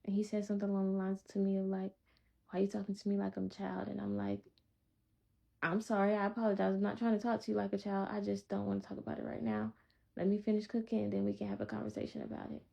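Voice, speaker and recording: A woman telling a personal testimony in a calm, blunt, straightforward way. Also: medium pitch, fast talker, gravelly. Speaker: vlogger sharing a personal testimony. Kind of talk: casual storytelling. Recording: dull lo-fi recording.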